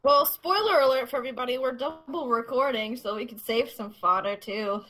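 A woman's voice: on the high side, brisk, pushed and bright. A woman co-hosting a casual podcast who makes short, dry, teasing remarks. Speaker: podcast co-host. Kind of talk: casual chat.

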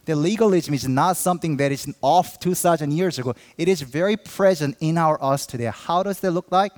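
A man's voice: on the high side, a little fast, darkish tone, in a large hall. A man pastor preaching a sermon earnestly, acting out quoted believers with a raised voice.

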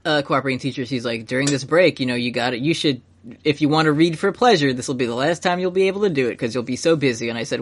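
A man co-hosting a podcast, chatting casually and reading listener questions aloud. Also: medium pitch. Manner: fast, joking, reads listener questions aloud. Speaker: podcast co-host. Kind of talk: casual chat.

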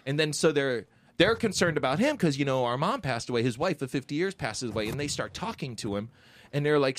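A man co-hosting a casual podcast, telling a story in a rambling, animated way and acting out the voices of the people in it. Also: medium pitch, a little fast. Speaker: podcast co-host.

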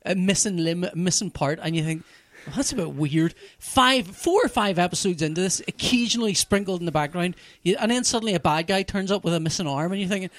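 A man telling a TV plot in casual chat, animated and profane, full of restarts. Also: high-pitched, fast talker, dry recording. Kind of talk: casual chat, recapping a TV show.

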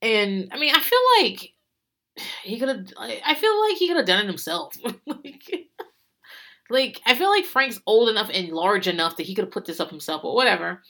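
A woman's voice: mid-range voice, big pitch swings, normal speed, bright, forceful tone. A woman hosting a podcast, recapping a reality show in rambling casual chat, swearing freely and laughing often.

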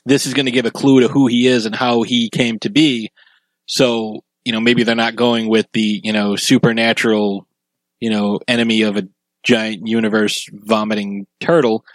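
A man co-hosting a casual podcast chat about a film, relaxed and agreeable, with lots of fillers. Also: on the low side, normal speed, no room sound, poor audio. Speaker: podcast co-host.

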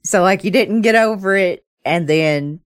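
A woman's voice: medium pitch, measured pace, clean tone, no room sound, studio quality. A woman playing in a tabletop game, rambling and hesitant as she searches for words. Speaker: player. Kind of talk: tabletop role-play chat.

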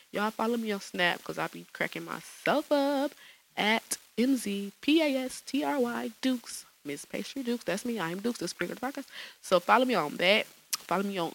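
A woman's voice: mid-range voice, normal speed, creaky, a bit bright, slight background noise, low-quality recording. A woman hosting her own podcast alone in a small studio, chatting casually in slang and laughing often. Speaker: podcast host. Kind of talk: solo podcast chat.

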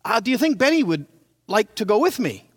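A brisk working dad asks an offhand question at the breakfast table, as an older preacher retells him. The voice sits high with lively swings, recorded close and dry. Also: male voice, big-room sound, exaggerated voice. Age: 60s. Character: busy dad planning a work errand.

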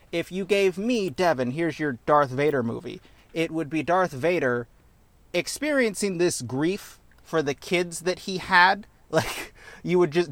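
A man co-hosting a podcast in casual chat, animated and profane, slipping into goofy character bits. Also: a little high, no room sound. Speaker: podcast co-host.

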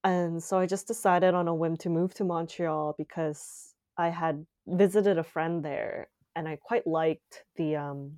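A woman's voice: on the low side, steady tone, unhurried, hardly any pauses, a little mellow, no echo, studio quality. A young woman from Calgary, Canada, talking casually as an interview guest, with lots of fillers and restarts. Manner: chatty, many fillers and restarts. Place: Montreal.

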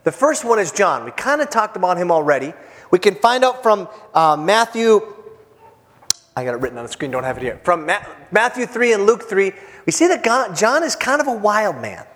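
A male pastor delivers a sermon with a high voice that swings widely in pitch. He talks in a loose, joking way, stumbling through fillers and restarts. His voice rings out through a church hall with a long reverb. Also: big pitch swings, normal speed, a bit bright. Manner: casual, joking preacher with many fillers and restarts.

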